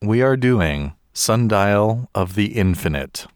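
Man, podcast host, casual chat, teasing, lowish voice, dry sound. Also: expressive, slow, clean tone, dry recording.

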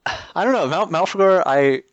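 A man's voice: high voice, expressive, normal speed, no echo, highs cut off. A man on a podcast panel, explaining a card he likes, with some hesitation and restarts. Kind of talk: casual podcast chat.

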